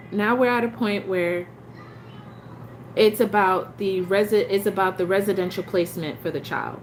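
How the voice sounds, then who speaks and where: A woman's voice: mid-range voice, a little hiss or hum. A woman telling her story as a parent in a casual vlog, frustrated and emphatic, with many restarts.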